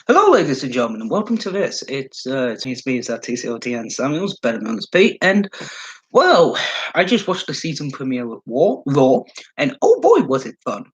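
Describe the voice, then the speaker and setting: A man's voice: mid-range voice, highs cut off. A man giving casual solo commentary as a wrestling fan vlogger, rambling and swearing, with lots of fillers.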